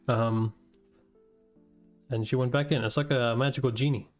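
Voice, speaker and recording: A man casually reading a comic aloud and reacting, thinking out loud with many fillers and breaking into surprised swearing. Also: mid-range voice, fairly even intonation, a little slow, faint music behind. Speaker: host reading manga aloud.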